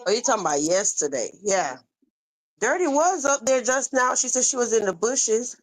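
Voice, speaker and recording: A woman chats on a gossip livestream, her voice pitched a little high. She teases loudly and breaks into laughter often. The sound is close and dry, with no room around it. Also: expressive, moderate pace, dry recording. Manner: loud teasing banter with frequent laughter. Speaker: livestream co-host. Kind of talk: casual gossip livestream chat.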